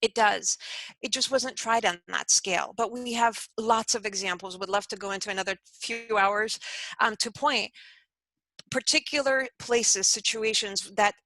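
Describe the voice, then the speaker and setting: A woman's voice: medium pitch, moderate pace, sharp tone, dry recording, low-quality recording. A woman speaking as an interview guest, telling a story in an earnest, conversational way and acting out the quoted voices.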